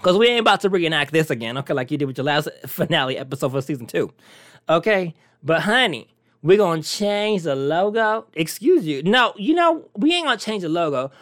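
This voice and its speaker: Sassy, lively-voiced talk show host. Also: mid-range voice, brisk, no room sound, studio quality. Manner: sassy, brash, teasing. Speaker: podcast host. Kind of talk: casual solo chat.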